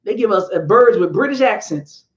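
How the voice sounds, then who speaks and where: A woman hosting a live stream, chatting with viewers and talking through history in a casual, animated way. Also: mid-range voice, normal speed, dull audio.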